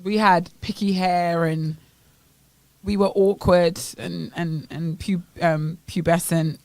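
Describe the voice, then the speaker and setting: A Bahamian woman co-hosting a morning radio show in casual chat, playful and wordy with quick asides. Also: lowish voice, little pitch movement, a little mellow, no echo. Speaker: radio co-host. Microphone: studio microphone.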